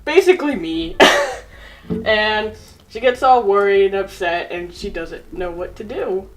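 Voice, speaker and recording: A woman's voice: medium pitch, expressive, a little slow, rough recording. A woman casually telling a story while drawing, giggling and teasing her friend. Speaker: co-host telling a drawn story.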